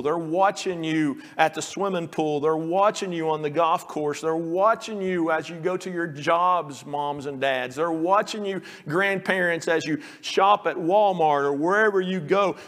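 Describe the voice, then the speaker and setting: Recorded in a large hall, a male pastor with a slightly high, somewhat bright voice delivers an earnest sermon, at times acting out the pleas quoted in the story.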